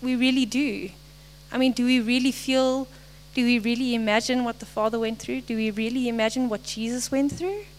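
A young woman giving a short, earnest devotional message, halting now and then and apologizing as she goes. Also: fairly high pitch, steady tone, slight background noise, rough recording. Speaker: lay speaker.

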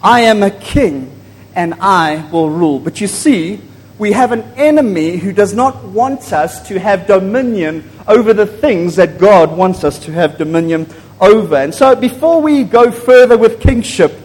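A man preaching a sermon to a congregation in a church, excitable and prone to loud bursts, often asking the people questions. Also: high-pitched, moderate pace. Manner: excitable, gets loud and apologizes for shouting; asks the congregation frequent questions. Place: church hall. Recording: long echo of a large hall.

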